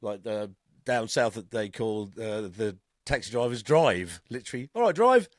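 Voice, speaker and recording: A man's voice: lowish voice, moderate pace, no room sound, clean studio sound. An English man co-hosting a podcast, chatting casually, laughing often and swearing freely. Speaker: podcast co-host. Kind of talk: casual chat.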